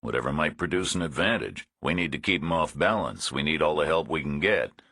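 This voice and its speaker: A male audiobook narrator voicing a blunt, tough hero who talks in a flat, matter-of-fact way. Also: extremely low pitch, a little fast, slightly rough, no echo, clean studio sound, heavily acted. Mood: threatening. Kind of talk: audiobook character voice.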